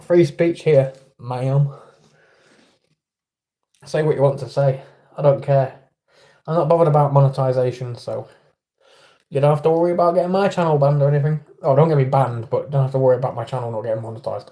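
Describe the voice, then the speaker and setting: A man's voice: medium pitch, a little fast, pauses often, dark tone. A man with an English accent hosting a casual livestream, chatting with viewers and greeting them by name. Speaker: livestream host.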